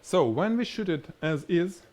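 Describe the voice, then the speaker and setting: A man with a strong Russian accent whose first language is Russian, teaching product photography on a live stream in an animated, demonstrating way. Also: sits high, unhurried. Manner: animated, explains by demonstrating, laughs at himself. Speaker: photography instructor.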